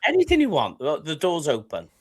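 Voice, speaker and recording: A man co-hosting a football podcast, chipping in with quick teasing interjections. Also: a little high, wildly swooping pitch, slightly rough, no room sound, clean studio sound. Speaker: podcast co-host. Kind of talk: casual podcast chat.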